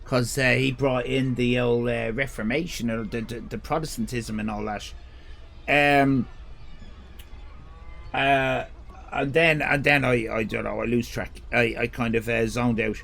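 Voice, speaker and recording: A man's voice: medium pitch, unhurried, vocal fry, fairly bright tone. An Irish man streaming live, chatting casually, rambling, joking crudely and reading chat messages aloud. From Ireland.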